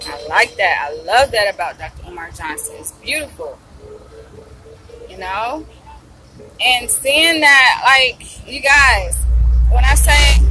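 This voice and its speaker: A woman talking casually and excitedly to her viewers in a vlog, gushing and calling them y'all, with food in her mouth. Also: medium pitch, noisy background. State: eating while talking. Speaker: vlogger.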